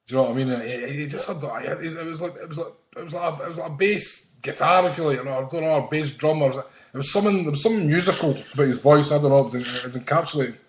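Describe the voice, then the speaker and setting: A man's voice: fairly high pitch, fast talker, hardly any pauses. A man hosting a fan podcast, chatting in a rambling way and searching for words. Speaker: podcast host. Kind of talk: casual chat. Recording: roomy echo.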